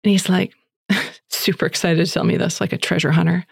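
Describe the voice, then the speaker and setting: A woman in her thirties hosting a faith podcast, leading prayer and telling chatty, animated family stories. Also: fairly low pitch, a little fast, creaky, breathy edge, no echo, clean studio sound. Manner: chatty, animated storytelling with voiced quotes. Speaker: podcast host.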